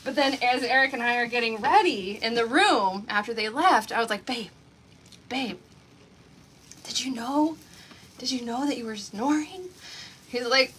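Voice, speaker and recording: A woman with a high, bright voice hosts a craft livestream, chatting straight to her viewers. She tells stories in a lively, talkative way and laughs easily as she goes. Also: normal speed, long pauses, slight background noise. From Oklahoma, USA. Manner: chatty storyteller, laughing often, addressing viewers directly. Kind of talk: casual chat on a livestream.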